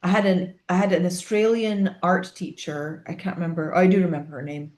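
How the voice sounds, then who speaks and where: A woman from northeast Scotland with a Scottish accent, co-hosting a casual podcast chat and telling stories in an animated way. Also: fairly low pitch, a little fast, echoey room. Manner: animated storytelling, acts out quoted voices. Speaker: podcast co-host.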